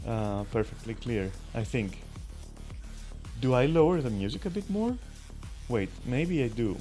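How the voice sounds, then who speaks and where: A man talks through his game session in a loose, teasing way, swearing and joking with viewers he cannot hear. His pitch sits in an ordinary middle range. Soft game music plays faintly behind him. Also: very animated, a little slow. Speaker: streamer. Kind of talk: casual gaming commentary.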